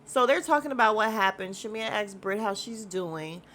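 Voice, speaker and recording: A woman's voice: medium pitch, expressive, moderate pace, a bit bright, slight background noise. Blunt, gossipy woman podcast host. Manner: blunt, gossipy and candid, with casual slang and cursing; chatty and rambling, with frequent fillers. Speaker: podcast host recapping a reality show. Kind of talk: casual recap chat.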